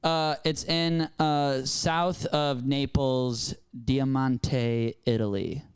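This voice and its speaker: A young man hosting a comedy podcast, chatting in a rambling, halting way. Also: medium pitch, steady tone, clean tone, no echo, studio quality. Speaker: podcast host. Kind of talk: casual comedy podcast chat.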